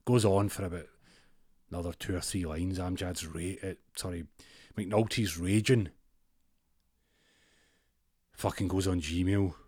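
A Scottish man telling a rambling comic story with deadpan asides. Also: deep voice, measured pace, pauses often, slightly rough, no echo, studio quality.

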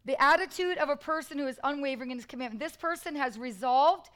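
A woman's voice: sits high, fast talker, a bit bright, rough recording. A woman preaching a sermon in church, emphatic and repetitive, calling out to the congregation.

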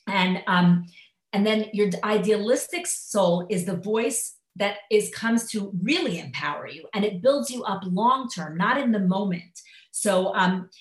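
Woman lecturing in an echoey room. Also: mid-range voice. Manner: animated, acts out inner voices, many fillers. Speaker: teacher. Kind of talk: live lecture on Jewish thought. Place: classroom at a school.

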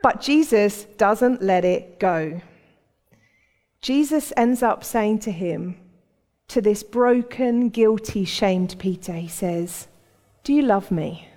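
A woman's voice: medium pitch, slow, dark tone. A woman giving a sermon in a conversational storytelling manner, acting out the voices in the stories she tells. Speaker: preacher. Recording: long hall reverb.

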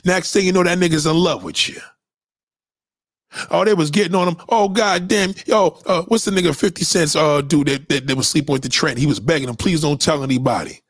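High-voiced man ranting heatedly. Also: brisk, a bit bright, no room sound, clean studio sound. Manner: blunt, heated, repetitive, swearing. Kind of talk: profane ranting monologue to followers.

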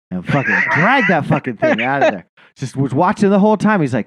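A man telling stories on a podcast, profane and rambling, poking fun at himself. His pitch climbs and dips all over as he goes. The sound is close and dry, with no room around it. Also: wildly swooping pitch, a little fast, vocal fry, a bit bright, no room sound. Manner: profane, rambling, self-mocking. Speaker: podcast co-host. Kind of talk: casual storytelling chat.

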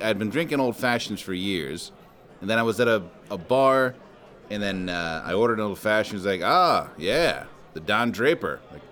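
A man with a fairly low voice chats casually on a podcast. He drops sardonic, mock-outraged asides full of swearing. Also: a bit bright. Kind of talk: casual chat.

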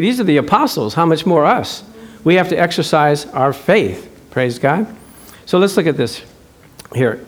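A man preaching a sermon, animated, asking the congregation questions and acting out little dialogues. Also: a little high, normal speed.

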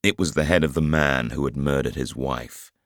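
A man narrating a thriller audiobook in a measured, dramatic way. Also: very deep voice, no room sound, studio quality. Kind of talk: scripted narration.

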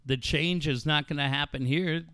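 A man's voice: a little high, moderate pace, clean tone, no echo, clean studio sound. A man hosting a sports talk show, telling stories in a casual, profane way. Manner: animated, profane storytelling. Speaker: sports radio host.

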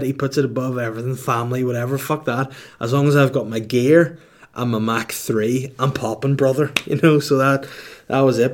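A man's voice: medium pitch, darkish tone. A man telling a comic story in a casual, rambling way, laughing often and swearing freely. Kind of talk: comedic storytelling.

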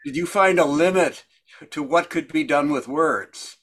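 A man's voice: fairly high pitch, unhurried, fairly bright tone. A man who leads a discussion group, chatting in a rambling way with lots of fillers during a casual group video call.

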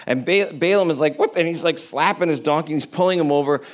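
Man, preacher, casual sermon storytelling, conversational, humorous, filler-heavy, fairly high voice. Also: fast talker.

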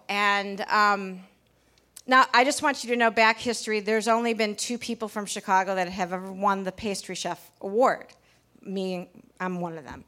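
A woman's voice: medium pitch, normal speed, pushed and bright. A woman pastry chef telling a candid personal story to a live audience in a packed bar, chatty and full of restarts. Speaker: pastry chef giving a talk.

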